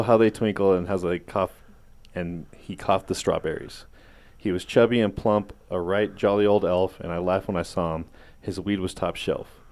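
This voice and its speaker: A low-pitched man reading a rhyming holiday parody poem on a podcast. His delivery is casual and hesitant, with stumbles and restarts, and he pokes fun at himself. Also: a little mellow. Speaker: podcast co-host.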